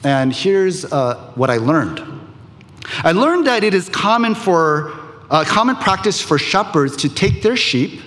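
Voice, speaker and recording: A man preaching a sermon to a congregation, speaking in measured phrases with emphatic pauses. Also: high voice, very animated, a bit bright, in a large hall. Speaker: pastor.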